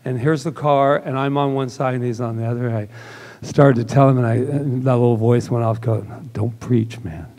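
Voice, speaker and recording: A man's voice: medium pitch, steady tone, brisk, darkish tone. A man giving a casual, conversational sermon at a church service, telling stories and acting out the dialogue. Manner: casual and chatty, acts out quoted dialogue. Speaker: minister.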